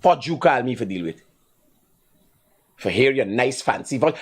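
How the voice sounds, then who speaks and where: This livestream host, a man with a Guyanese Creole accent, speaks at medium pitch and a moderate pace with frequent pauses and a slightly rough edge. His rambling commentary is animated, all rants and sudden laughter.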